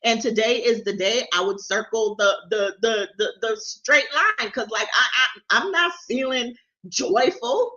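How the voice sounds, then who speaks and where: A woman's voice: fairly high pitch, measured pace, bright, forceful tone, highs cut off. A woman hosting a casual livestreamed devotional, candid and confiding, often stammering and repeating words. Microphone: camera or phone livestream.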